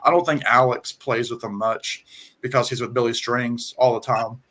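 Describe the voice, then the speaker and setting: A man with a Southern US twang, talking casually on a video call and pausing often with ums and restarts. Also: medium pitch, steady tone, a bit bright. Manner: halting, many ums and restarts. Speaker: guest on music chat. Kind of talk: casual conversation.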